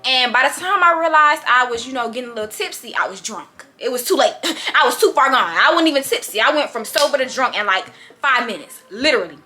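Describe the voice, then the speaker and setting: A young woman vlogger telling a story in a casual, animated, slangy way. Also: high voice, brisk.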